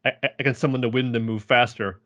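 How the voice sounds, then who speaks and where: A man's voice: mid-range voice, steady tone, fast, a bit bright, no echo, highs cut off. A man co-hosting a podcast in casual chat, rambling, trailing off mid-thought and swearing casually. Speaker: podcast co-host.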